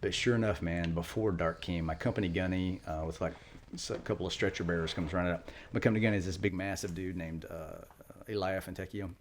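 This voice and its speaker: A middle-aged man, a retired Marine, telling war stories quickly in an interview, acting out quotes. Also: low-pitched, a little hiss or hum. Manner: fast, animated war storytelling with acted quotes. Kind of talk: storytelling interview.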